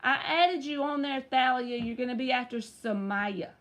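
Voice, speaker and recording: A woman's voice: high-pitched, moderate pace, a bit bright. A woman running a casual live-stream tarot reading, chatty and teasing as she talks to viewers by name.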